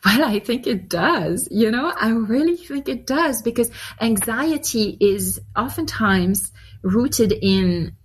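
A woman's voice: a little high, lively intonation, slow, slightly rough. A woman Bible teacher speaking earnestly as a guest in a radio interview.

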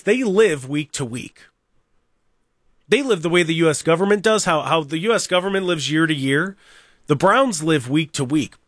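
A man hosting a sports talk radio show, talking in an animated, rambling, opinionated way and mocking the people he talks about. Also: on the high side, dry recording, studio quality. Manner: animated, rambling, mocking, with mimicked crowd voices. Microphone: studio microphone.

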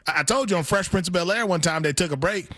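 A man's voice: high voice, quick pace, no room sound, clean studio sound. A man co-hosting a sports radio show, joking playfully at his own expense and then giving pointed analysis. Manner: playful, self-mocking, animated. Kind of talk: casual sports radio chat.

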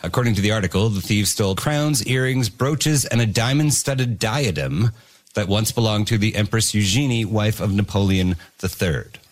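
A man's voice: on the low side, moderate pace. A man hosting a comedy news quiz, reading out questions playfully and laughing at his own jokes. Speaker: quiz host.

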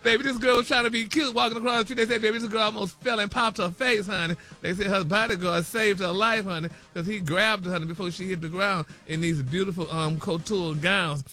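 A man's voice: high-pitched, steady tone, brisk, hardly any pauses, sharp tone. A man hosting a celebrity news segment, dishing gossip in a campy, chatty way and dropping "honey" and "y'all" into every phrase.

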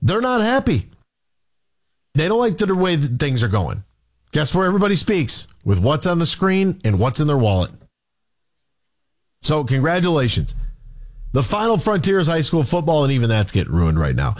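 Worked-up, high-voiced sports radio man. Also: big pitch swings, normal speed, pauses often. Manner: worked-up, ranting, rhetorical questions. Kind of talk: sports talk rant.

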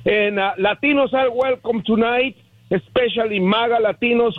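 A man's voice: extremely high pitch, normal speed, dry recording. A man calling in to a radio show, enthusiastic and rambling. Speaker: caller. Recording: dry tinny phone line.

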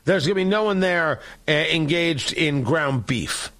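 A man hosting a talk show on air, sarcastic and combative as he mocks his opponents. His voice is high and swings widely in pitch. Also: expressive, a little slow, fairly bright tone. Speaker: political talk show host. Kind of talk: opinionated on-air monologue.

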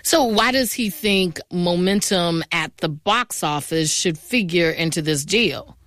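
A woman radio news host giving crisp, composed anchor introductions and questions in a studio. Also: on the low side, a little slow, a bit bright, no room sound.

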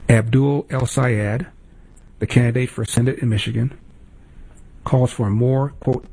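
Gravelly, husky-voiced male radio host. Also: mid-range voice, fairly even intonation, unhurried, mellow, low-quality recording. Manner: rhetorical, incredulous questioning. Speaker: radio talk show host. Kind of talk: talk radio commentary.

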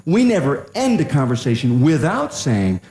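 An older man telling a humorous family story to a live audience, chatty with pauses and restarts. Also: mid-range voice, wildly swooping pitch, a little mellow. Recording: roomy echo.

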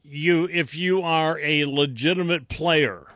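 Older man, casual opinion talk, slow, halting, fillers, slightly high voice. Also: a bit bright, dry recording, studio quality. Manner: rambling, halting, with many fillers and restarts; mocking whiny voices when quoting others. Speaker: political commentator.

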